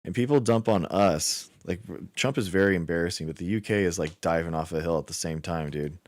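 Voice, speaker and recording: Young American male streamer, very low and dry, loose rambling chat full of filler. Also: fairly quick, no echo. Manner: rambling, says "like" and "dude" a lot. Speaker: livestream host. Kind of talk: casual chat with chat viewers.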